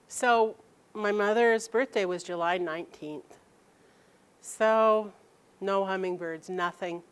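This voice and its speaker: A middle-aged woman telling a personal story to an audience, animated and laughing as she quotes her mother. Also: mid-range voice, takes it slowly, smooth.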